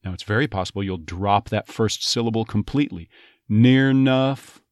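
A man coaching an accent, explaining vowel and consonant changes in a slow, deliberate way. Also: on the low side, no echo, clean studio sound. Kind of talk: dialect lesson.

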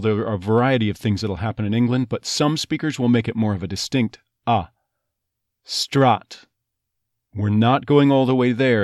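A man teaching a phonetics lesson, breaking words into their sounds and demonstrating vowels and glides slowly. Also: fairly low pitch, a little mellow, no room sound, clean studio sound. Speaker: accent coach.

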